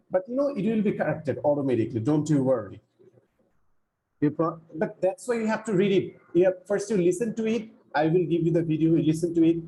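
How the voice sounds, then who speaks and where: A man's voice: fairly high pitch, warm tone, low-quality recording. A man teaching an online English class, explaining patiently and repeating key phrases. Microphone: video call.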